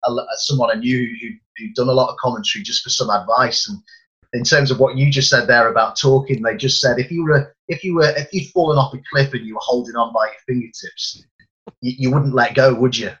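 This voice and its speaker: A man's voice: mid-range voice, steady tone, brisk, fairly bright tone, dull audio. A man who works as a football commentator, talking earnestly about his job and often repeating words as he starts a sentence. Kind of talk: casual chat.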